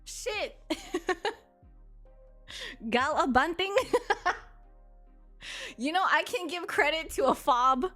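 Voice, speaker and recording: A woman's voice: sits high, lively intonation, takes it slowly, pauses often, pushed and bright, soft background music. A woman in her thirties, a streamer in casual chat with her viewers, talking in a blunt, sassy and crude way and laughing often. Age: 30s.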